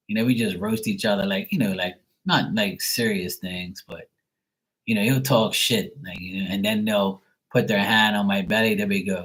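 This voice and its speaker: A man chatting casually to camera, rambling and swearing freely in a relaxed way. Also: fairly low pitch, normal speed, low-quality recording. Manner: rambling, profane, laid-back. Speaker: tarot reader, channel host.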